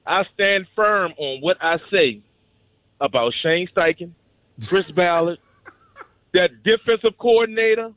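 A man calling in to a sports radio show, telling a story in an animated, joking way. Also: sits high, takes it slowly, long pauses, no room sound. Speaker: caller. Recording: dull lo-fi phone line.

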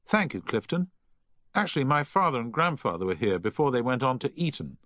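A man voicing a posh, confident young schoolboy who talks in a high, well-spoken way. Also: sing-song, fairly quick, fairly bright tone, no room sound, studio quality. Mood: chatty.

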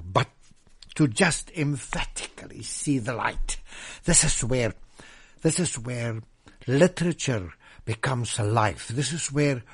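Slow husky preacher with lively swings. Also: male voice, medium pitch. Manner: slow, emphatic, swings from loud proclaiming to hushed whispers. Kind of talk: sermon.

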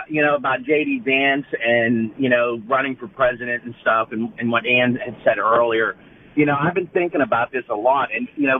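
A male caller, rambling on with many fillers in casual call-in talk. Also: mid-range voice. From Pittsburgh area. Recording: muffled phone line with faint noise.

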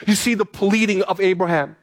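A man's voice: sits high, fairly quick. A male pastor preaching a sermon, reading scripture aloud and then urging the congregation on with repeated phrases. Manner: reads scripture aloud, then exhorts with repetition.

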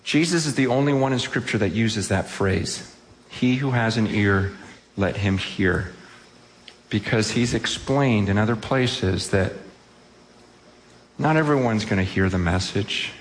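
A man's voice: on the low side, a little slow, a little hiss or hum. A man preaching a sermon to a congregation, impassioned, acting out quoted speech and repeating phrases. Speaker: pastor. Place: church hall with a congregation.

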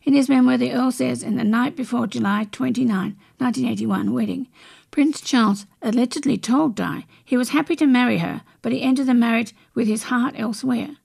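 A woman reading celebrity and royal stories from magazines aloud, in a steady read-aloud manner with brief restarts. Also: on the high side, brisk, gravelly, slightly rough. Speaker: news reader.

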